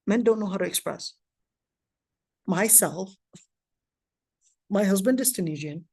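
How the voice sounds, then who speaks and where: A woman's voice: mid-range voice, measured pace, creaky, a little mellow, husky, no room sound, studio quality. A woman from Palestine, in her thirties, giving a casual lecture with personal anecdotes, chatty with frequent restarts and asides.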